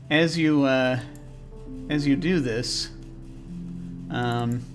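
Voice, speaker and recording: Male game master, hesitant storyteller, average pitch, fills pauses with ums. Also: over music. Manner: halting, many ums and restarts. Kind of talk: narrating a tabletop game.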